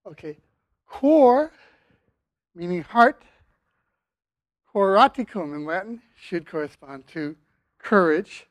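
An older man giving a university linguistics lecture, speaking haltingly with many fillers and restarts. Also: sits high, sing-song, no room sound. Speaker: linguistics professor.

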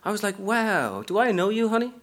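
A man's voice: high-pitched, very animated, fairly quick, pitched above the performer's own voice. A man reading aloud from a novel, narrating as a brash, streetwise aging woman hustler in a sassy first-person style.

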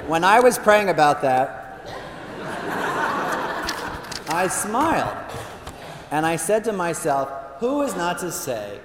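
A fairly high-voiced man, a priest, gives a humorous talk in a large hall. He tells stories playfully and keeps tossing asides to the crowd. His voice carries a long, roomy reverb over faint background noise. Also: very animated, slow pace, pauses often. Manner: playful storyteller with frequent asides. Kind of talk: humorous spoken talk to an audience.

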